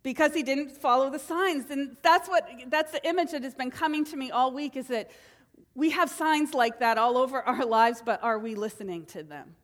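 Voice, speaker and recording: High-voiced woman preaching in a hall. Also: normal speed. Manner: animated, acts out quotes with voice changes. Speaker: minister. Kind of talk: sermon. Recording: long reverb of a hall.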